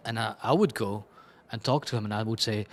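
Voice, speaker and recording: A man's voice: lowish voice, a little fast. Blunt, rambling man in an interview. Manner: chaotic, rambling, frequent restarts and laughs; blunt and self-deprecating. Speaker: creative director being interviewed. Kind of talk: candid conversational interview answers.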